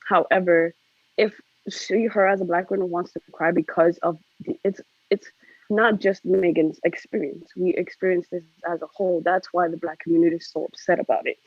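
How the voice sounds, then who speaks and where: A woman's voice: fairly low pitch, steady tone, moderate pace, no echo. A woman panelist on a video call, speaking earnestly and searching for her words, heard over dry, lo-fi audio. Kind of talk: casual panel discussion.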